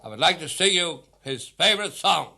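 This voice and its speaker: A man's voice: on the high side, expressive, normal speed, vocal fry, sharp tone. A man with a Dublin accent, chatting wryly with hesitant fillers between the ballads he sings. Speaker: singer. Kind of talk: spoken introductions between unaccompanied ballads. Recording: old archival record.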